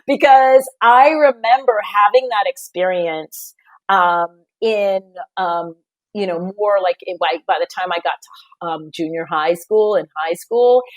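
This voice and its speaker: A woman speaking in a podcast conversation, telling an anecdote in an animated way. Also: fairly low pitch, dry recording.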